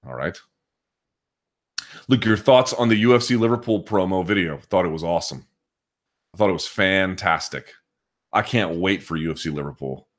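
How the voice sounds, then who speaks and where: A man hosting a live podcast chat, thinking out loud and restarting his sentences as he answers viewers' questions. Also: deep voice, normal speed, long pauses. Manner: thinking aloud, frequent restarts and hedging. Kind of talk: casual live chat commentary.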